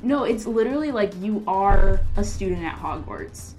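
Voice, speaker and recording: A woman's voice: mid-range voice, lively intonation, moderate pace, over music, poor audio. Giggly, hesitant woman podcast guest. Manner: giggly and hesitant, many ums. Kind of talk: casual chat.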